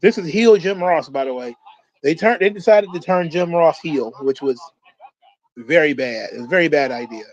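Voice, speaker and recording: A man with a fairly high voice rambles casually as he comments along with a wrestling event. He swears freely and circles back on his own thoughts. His voice comes through dull and lo-fi. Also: expressive, moderate pace. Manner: loose, profane, rambling. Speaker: host of a wrestling watch-along.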